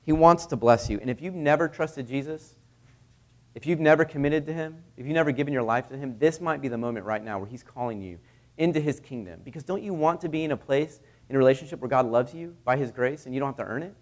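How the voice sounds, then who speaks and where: A male pastor delivering a sermon earnestly, moving between emphatic and quiet passages. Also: medium pitch, quick pace.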